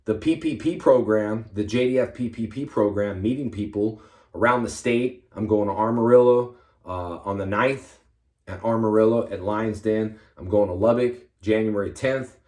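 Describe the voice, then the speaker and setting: A man, a karate instructor, giving energetic motivational fitness advice to his fans in short, punchy commands. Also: lowish voice, moderate pace, echoey room.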